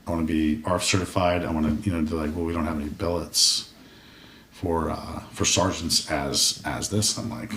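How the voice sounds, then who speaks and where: In a podcast studio room, a veteran in his forties recounts his past with casual, profane candor, dramatizing what he used to think in quoted asides. His very deep voice is steady, a bit bright, and moderately paced. A distant mic gives the audio a roomy sound and faint noise.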